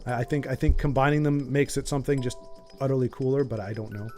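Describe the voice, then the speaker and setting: A man's voice: medium pitch, fairly even intonation, quick pace, warm tone, soft background music. A man streaming a video game, chatting casually and jokingly with his viewers in a rambling way. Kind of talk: casual live-stream chat.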